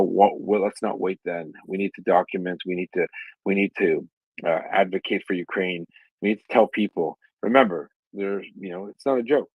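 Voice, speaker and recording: A man's voice: sits low, no echo. A man speaking in an impassioned, heated way on a live audio chat, rambling with many fillers and restarts. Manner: heated and indignant. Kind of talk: impassioned advocacy talk. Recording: dull lo-fi online audio stream.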